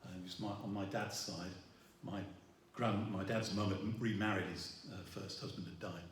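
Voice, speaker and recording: A middle-aged man, preaching a sermon in a halting way, with many restarts and fillers. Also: lowish voice, fairly even intonation, distant mic, slight background noise. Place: church hall. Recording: roomy echo, voice from afar.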